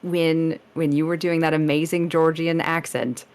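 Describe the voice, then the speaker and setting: A woman speaking as a guest in a casual podcast interview, rambling with quick restarts and frequent laughter. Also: low voice, level tone, darkish tone. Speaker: streamer guest.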